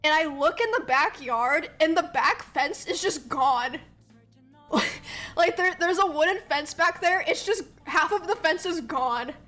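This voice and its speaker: High-voiced giggly woman streamer. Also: unhurried, bright, forceful tone, faint music behind. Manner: chatty, giggles through stories, says 'like' constantly. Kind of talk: casual storytelling to a live chat.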